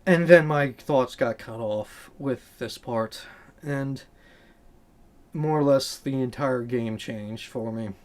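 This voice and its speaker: A man hosting a video essay, with a voice of ordinary pitch. He speaks earnestly and bluntly, in a conversational tone. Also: slow.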